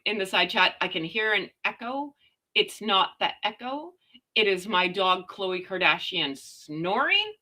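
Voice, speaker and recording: A Canadian woman hosting a casual live chat from home, chatty and quick to laugh as she talks to her viewers and her dogs. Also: medium pitch, sharp tone. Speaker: livestream host.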